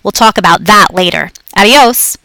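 A busy woman in a hurry, read by a female narrator, brisk and slightly raised in pitch and volume. Dry and close sound. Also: sharp tone, no echo. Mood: hurried. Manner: brisk, rushed. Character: hurried adult woman rushing out.

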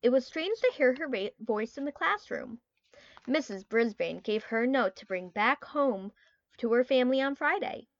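A woman narrating a children's book in an expressive storytelling style. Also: on the high side, normal speed, lo-fi sound. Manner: expressive storytelling with quoted character lines. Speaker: audiobook narrator. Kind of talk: scripted narration.

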